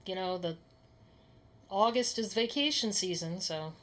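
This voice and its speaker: A woman's voice: mid-range voice, a little slow, a loud crowd. A woman co-hosting a sports podcast, chatting casually with short remarks. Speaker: podcast co-host.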